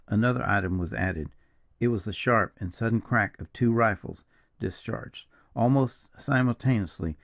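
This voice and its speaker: Gravelly male audiobook narrator. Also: fairly low pitch, muffled recording. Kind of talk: scripted narration.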